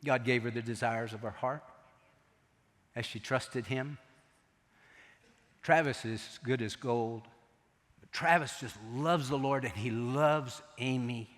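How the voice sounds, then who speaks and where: A middle-aged man preaching a sermon, telling a story in an animated, joking way. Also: mid-range voice, slow pace, long pauses. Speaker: pastor. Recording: long echo of a large hall.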